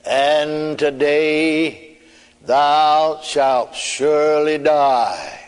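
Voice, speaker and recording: A man voicing a solemn, disembodied heavenly voice that slowly intones old scripture while telling a story in a sermon. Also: a little high, clear, resonant tone. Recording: long reverb in a hall.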